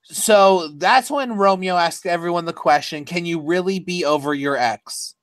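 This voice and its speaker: A woman co-hosting a live, casual recap chat about a TV show, sarcastic and quick to giggle. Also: on the low side, dry recording, studio quality.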